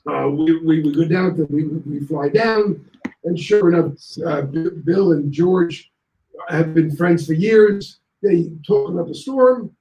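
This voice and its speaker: A male guest on a talk show telling anecdotes in a lively way and acting out other people's lines. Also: fairly high pitch, measured pace, echoey room, rough recording. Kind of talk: anecdotal storytelling.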